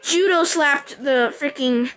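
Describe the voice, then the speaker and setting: A woman's voice: sits high, slow, fairly bright tone, poor audio. A woman vlogger telling a rambling personal story casually, full of "like". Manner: rambling, breathless retelling with many likes. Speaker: gaming vlogger.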